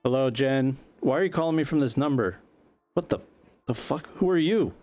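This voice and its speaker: A man's voice: medium pitch, lively intonation, normal speed, background noise, pitched above the performer's own voice, lightly acted. A man voicing an annoyed middle-aged rock star father on the phone, swearing and defensive. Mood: confused. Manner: angry, confused, swearing.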